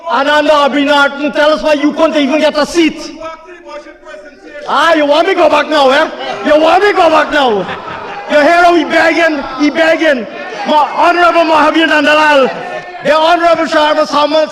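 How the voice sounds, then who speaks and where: Guyanese man, minister, combative taunting speech, very high pitch, long reverb in a chamber, faint crowd murmur. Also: a bit bright. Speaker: government minister in parliament. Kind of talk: heated parliamentary speech. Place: parliament chamber.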